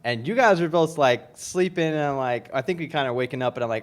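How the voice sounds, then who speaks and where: A man's voice: fairly high pitch, fast talker. Rambling man telling a story. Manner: rambling, many likes and restarts. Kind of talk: casual storytelling chat.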